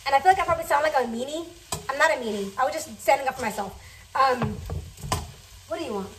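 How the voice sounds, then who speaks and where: Young woman, vlogger, fast chatty storytelling, high-pitched, faint kitchen noise. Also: fairly bright tone, distant mic, poor audio. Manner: fast, chatty, swears freely. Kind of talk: storytime while cooking. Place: home kitchen.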